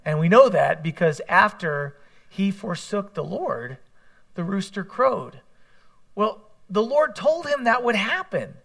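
A man's voice: sits high, sing-song, slow pace, vocal fry, a bit bright. A man preaching a sermon in a conversational way, mixing scripture with candid personal asides. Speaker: pastor.

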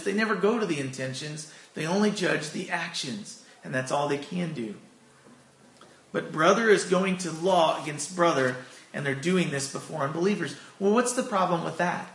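Male pastor, sermon, earnest, rhetorical questions, slightly high voice, echoey room. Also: fairly bright tone. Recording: roomy echo.

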